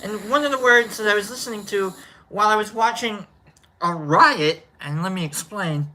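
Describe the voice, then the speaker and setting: A woman's voice: medium pitch, moderate pace, pushed and bright, a little hiss or hum. A woman hosting a casual solo stream, rambling and playful, often repeating herself. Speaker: host.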